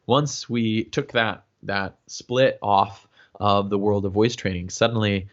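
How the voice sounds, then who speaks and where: A man's voice: fairly low pitch, steady tone, slow pace. A man teaching singing in a casual livestream, explaining with lots of fillers and checking in with "yeah?" and "right?". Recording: dull lo-fi livestream audio.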